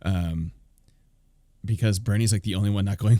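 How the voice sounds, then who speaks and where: A man's voice: on the low side, moderate pace, dark tone, dry recording. A man live-streaming a reaction, incredulous, laughing often and swearing.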